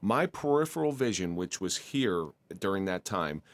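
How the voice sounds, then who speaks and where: A man's voice: sits low, sing-song, normal speed, no room sound. A man hosting a podcast, talking earnestly and reflectively with his guest. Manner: earnest, reflective, shares his own loss. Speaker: podcast host. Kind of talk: conversational interview.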